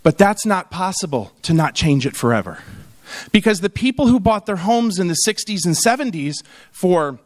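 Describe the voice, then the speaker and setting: A man with a notably high-pitched voice delivers a humorous summit talk. He is in his thirties and tells stories with quick comic asides. He acts out quoted lines from the people in his anecdotes. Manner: lively storytelling with comic asides and acted quotes. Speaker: keynote speaker on tourism. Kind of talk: humorous conference speech.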